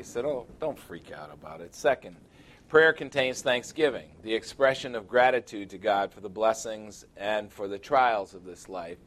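A man preaching to his class on a body microphone, teaching with joking asides and slowing down for emphasis. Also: on the low side. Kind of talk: sermon. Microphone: wireless body microphone.

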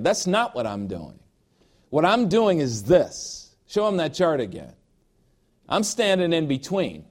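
A pastor preaching a sermon in an emphatic, emotional way, with personal asides and repeated phrases. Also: male voice, fairly high pitch, wildly swooping pitch, unhurried.

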